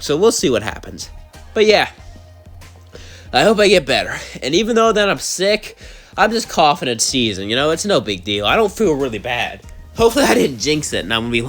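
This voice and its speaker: Lively-voiced young man with a cold. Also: mid-range voice. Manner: rambling, heartfelt and chatty. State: sick with a cold, coughing. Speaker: channel host, storyteller. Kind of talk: casual fan-story narration and chat.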